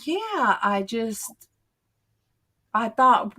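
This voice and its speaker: A middle-aged woman, rambling in homey, drawn-out stories as she chats casually with her livestream viewers. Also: fairly high pitch, big pitch swings, bright, forceful tone, husky. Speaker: livestream host.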